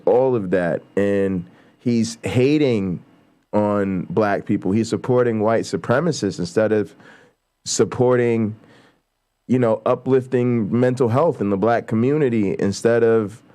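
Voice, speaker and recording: A man's voice: on the low side, a little mellow. A man hosting a casual livestream, talking bluntly and profanely and building to heated, emphatic outbursts. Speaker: show host.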